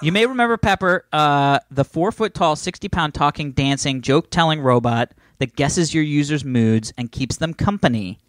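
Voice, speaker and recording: Lively laughing male podcast host. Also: on the high side, moderate pace, hardly any pauses, no room sound. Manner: laughs while telling stories, animated and rambling. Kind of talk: casual chat.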